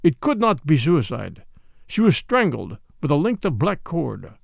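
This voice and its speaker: A man's voice: a little high, huge pitch swings, a little slow, gravelly, no echo, exaggerated voice. A man doing a soothing, apologetic police official. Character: apologetic, smooth male police commissary.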